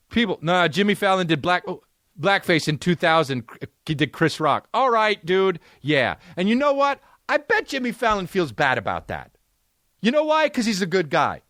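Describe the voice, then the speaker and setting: Animated, profane male podcast host. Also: high voice, no room sound, studio quality. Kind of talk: comedic podcast rant.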